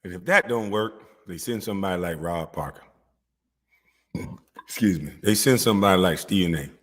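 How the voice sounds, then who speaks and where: A man delivering a mocking, profane comedic commentary rant, with drawn-out hums between jabs. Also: deep voice, a bit bright, in a large hall.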